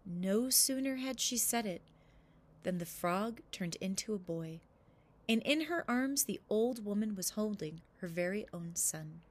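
A woman reading a children's story aloud with expressive narration. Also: mid-range voice, measured pace.

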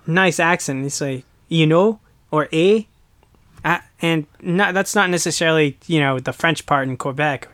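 A young man from the United States talks in a loose, animated way and keeps slipping into playful put-on voices. His voice sits a little high for a man. The sound is dry and close, with no room around it. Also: moderate pace, hardly any pauses, clean tone, no room sound. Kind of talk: casual chat.

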